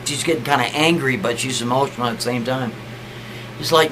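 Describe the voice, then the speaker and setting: A man's voice: mid-range voice, a little fast, pushed and bright, slight background noise, low-quality recording. A man telling a story in a casual, rambling way, often repeating himself and checking in with the listener. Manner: rambling, repeats "I mean" and "right?", stumbles over words.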